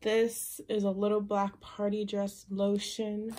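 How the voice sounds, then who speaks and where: A woman's voice: medium pitch, completely flat delivery, slow, mellow, slight background noise. A young woman casually touring her makeup collection, rambling with lots of fillers. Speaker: beauty vlogger.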